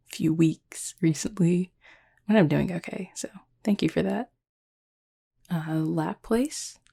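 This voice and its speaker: A young adult woman chatting casually as she answers fan questions, soft-spoken and hesitant, with many pauses and ums. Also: fairly low pitch, creaky. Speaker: audio drama creator answering fan questions. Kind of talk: casual Q&A chat.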